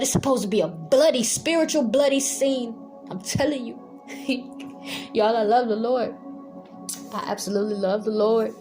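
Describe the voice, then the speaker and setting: A woman delivers a fiery sermon from home. Her voice sits high, and she moves from calm teaching into zealous yelling. Soft music plays faintly under her. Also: normal speed. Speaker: Bible teacher.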